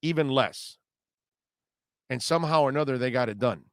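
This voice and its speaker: Sports radio guy reading listener comments, smooth clear voice, dry studio sound, gets worked up. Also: medium pitch, moderate pace, no echo. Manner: animated, emphatic, repeats phrases.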